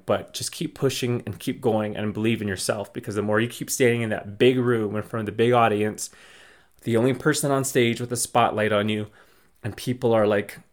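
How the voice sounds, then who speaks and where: A young man hosting a podcast, giving casual, encouraging life advice with many fillers and restarts. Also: mid-range voice. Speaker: podcast host. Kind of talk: casual motivational talk.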